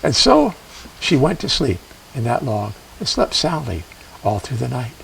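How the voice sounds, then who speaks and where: A man telling a traditional legend in a measured, expressive way with dramatic pauses. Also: medium pitch, gravelly, recorded from a distance, a little hiss or hum, rough recording. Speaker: storyteller. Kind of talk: traditional storytelling performance.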